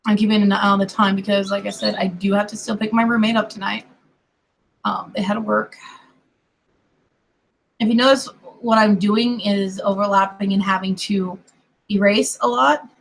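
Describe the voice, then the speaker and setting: Drawing on stream, a digital artist rambles casually, apologizing and putting herself down in asides that tend to trail off into murmurs. Her gravelly voice is medium-pitched and flat, at a moderate pace with long pauses, captured on a low-quality recording.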